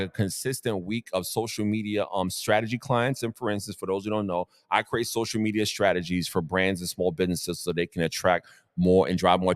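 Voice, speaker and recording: Motivational male host in a reverberant space. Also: lowish voice. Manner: animated, preachy, repeats quotes for emphasis. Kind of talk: live-streamed motivational talk. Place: Brooklyn area. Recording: long hall-like reverb.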